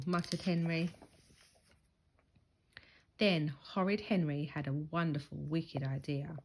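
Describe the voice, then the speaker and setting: A woman reading a children's picture book aloud, with expressive storytelling. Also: sits low, takes it slowly, long pauses, a little hiss or hum.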